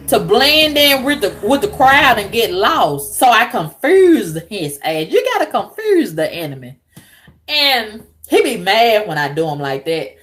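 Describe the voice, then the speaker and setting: A woman vlogger ranting to camera with profane, animated storytelling, laughing at her own jokes. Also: fairly high pitch. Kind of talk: unscripted rant to camera.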